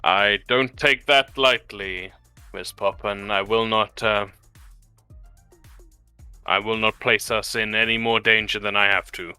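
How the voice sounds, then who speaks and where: A man playing a calm, responsible captain who speaks in a measured, earnest way. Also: fairly low pitch, clear, resonant tone, dry recording, soft background music.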